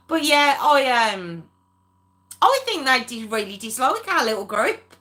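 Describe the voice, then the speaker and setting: A woman's voice: high voice, sing-song, takes it slowly, pauses often, sharp tone. A woman hosting a true crime livestream, chatting casually with viewers, laughing often and addressing them by name. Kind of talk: casual live chat with viewers.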